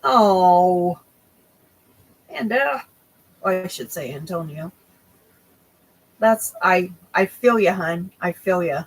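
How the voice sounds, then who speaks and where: A woman's voice: lowish voice, expressive, takes it slowly, pauses often, breathy edge, rough recording. A young woman hosting a crochet livestream, chatting casually with viewers and often losing her train of thought.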